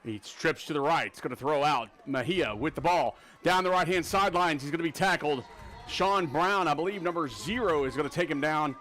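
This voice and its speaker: A man calling a live high school football game play by play, rapid and excitable on big plays, with a Texan accent. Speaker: play-by-play announcer.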